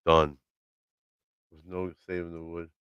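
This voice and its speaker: Deep-voiced guy rambling a story on his home livestream, swears a lot, does everyone's lines, dry dull audio. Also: level tone, unhurried, clear, resonant tone, no room sound. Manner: loose storytelling, swearing, acts out quotes. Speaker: livestream host. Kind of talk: casual live-stream chat. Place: home, by his laundry room.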